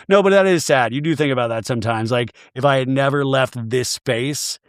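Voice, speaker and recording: A man hosting a podcast, recapping TV in a chatty, animated, profane way into a close mic. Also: medium pitch, fairly quick, hardly any pauses, dry recording. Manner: chatty, animated, swearing freely. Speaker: podcast host. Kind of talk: casual comedic TV recap.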